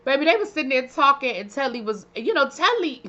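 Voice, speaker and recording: A chatty woman recaps a reality show with sass and playful asides. Her voice is bright and forceful. The recording sounds a little dull and lo-fi. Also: sits high, expressive, normal speed, hardly any pauses. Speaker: reality TV reviewer. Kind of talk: casual recap commentary.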